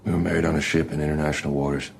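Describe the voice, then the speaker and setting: A man's voice: extremely low pitch, flat delivery, rapid-fire, vocal fry, a little hiss or hum. An actor playing a defiant young husband who insists on keeping his wife, in a firm, insistent TV drama scene. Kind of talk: TV drama acting.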